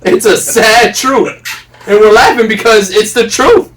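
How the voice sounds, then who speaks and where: A man's voice: sits high, a little slow, a bit bright, far from the mic. A man co-hosting a casual talk podcast, earnest and preachy, laughing often as he makes his points. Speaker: podcast co-host. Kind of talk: casual opinion chat.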